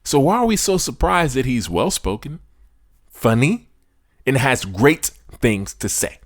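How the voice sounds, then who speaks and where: Animated sports podcast host, lively swooping voice. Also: male voice, medium pitch, a little slow. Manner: preachy, animated, swings from loud to hushed asides; casual slang, addresses listeners directly. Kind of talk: sports commentary monologue.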